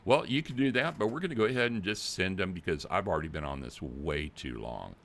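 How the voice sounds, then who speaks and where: A bullying fake police officer rushes through his lines, curt and impatient, with a deep, gravelly voice, as a man puts him on. He hurries each call toward its end. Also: lively intonation, fairly bright tone, full character voice. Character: pushy male phone scammer posing as a police officer.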